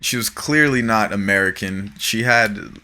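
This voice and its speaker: Podcast host guy telling a story, crisp bright tone, swears a lot, super animated. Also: fairly low pitch, a little slow. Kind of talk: casual storytelling chat.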